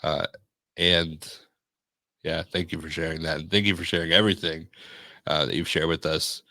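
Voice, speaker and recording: Male podcast host, very low voice, relaxed and swears a lot, dry close-mic sound. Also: moderate pace, dry recording. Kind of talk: casual podcast chat.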